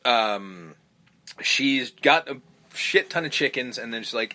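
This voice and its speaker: A man's voice: medium pitch, normal speed, sharp tone. A man hosting a podcast, recapping a film in casual, rambling chat full of ums, restarts and swearing. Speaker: podcast host.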